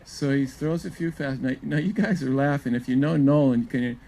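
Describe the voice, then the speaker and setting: Older guy, gravelly voice, telling funny folksy coaching stories to a crowd on a mic. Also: mid-range voice, brisk, dark tone, rough recording. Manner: folksy, humorous storyteller. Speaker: former pitching coach giving a talk. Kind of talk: storytelling talk at a live event. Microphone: clip-on or wireless event mic.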